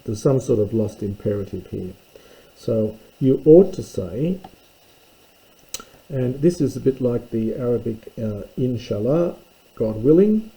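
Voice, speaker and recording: Slow, gravelly, dark-voiced male teacher. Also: mid-range voice, lively intonation, rough recording. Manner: thoughtful, pauses with fillers while translating. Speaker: Greek teacher. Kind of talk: slow translation lesson.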